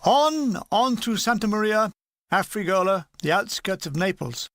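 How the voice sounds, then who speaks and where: A woman's voice: mid-range voice, animated, measured pace, a bit bright, no room sound. An older woman reading a comic war memoir aloud, with dry comic timing. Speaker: reader.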